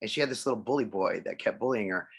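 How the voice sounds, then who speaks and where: A man's voice: on the low side, quick pace, gravelly, husky. A man chatting casually on a video call, telling rambling stories, laughing often and acting out the voices. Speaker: musician guest.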